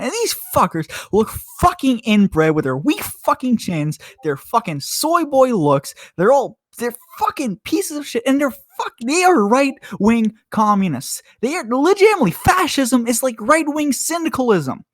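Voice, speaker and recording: A drunk man cohosting a podcast, ranting loudly with constant swearing and mocking laughs. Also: very high voice, very animated, unhurried, hardly any pauses, no echo, clean studio sound. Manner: loud, swearing, mocking, laughs between insults. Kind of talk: drunken profane rant.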